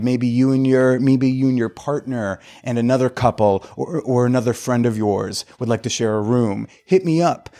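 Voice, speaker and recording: Man, podcast host, casual chat, joking, profane, mid-pitched voice. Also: darkish tone.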